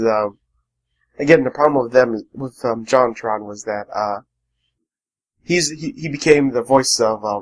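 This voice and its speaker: A man's voice: mid-range voice, poor audio. Rambling, opinionated podcast man. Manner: opinionated, rambling, many fillers. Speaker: podcast co-host. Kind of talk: casual chat.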